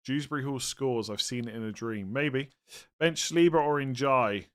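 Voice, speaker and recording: A man from England hosts a casual live stream, answering viewer questions at a moderate pace in a smooth, medium-pitched voice. Tired and yawning, he chats and rambles, often breaking off mid-sentence.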